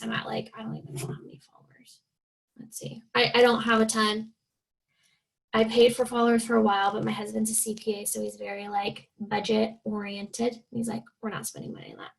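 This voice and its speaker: Chatty young woman with a gravelly edge. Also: on the high side, a bit bright, poor audio. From Oregon, USA. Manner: chatty, filler-heavy, acts out quoted people. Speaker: guest speaker, fitness coach. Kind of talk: casual team call talk.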